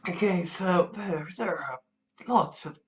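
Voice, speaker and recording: A man's voice: high-pitched, slow. A man vlogging, rambling bluntly about politics and swearing freely. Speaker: video blogger. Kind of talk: profane ranting commentary.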